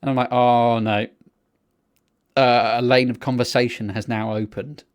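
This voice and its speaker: Male co-host, mid pitch, rambling sweary storyteller in casual chat. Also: steady tone, fairly quick. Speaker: podcast co-host.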